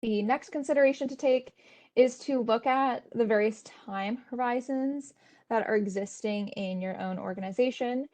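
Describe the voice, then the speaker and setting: Woman presenting a software walkthrough. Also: fairly high pitch, normal speed. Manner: steady explanatory tone with frequent fillers. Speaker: webinar presenter. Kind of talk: instructional webinar walkthrough.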